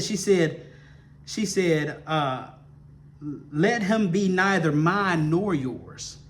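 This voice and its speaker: Slow-talking man teaching a Bible lesson. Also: fairly high pitch, slight background noise. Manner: repetitive, keeps checking in with listeners by asking "okay?". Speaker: ministry teacher.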